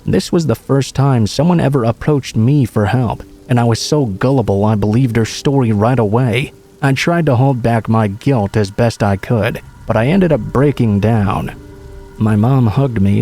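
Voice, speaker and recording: A man reading a true horror story aloud in calm, measured scripted narration. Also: medium pitch.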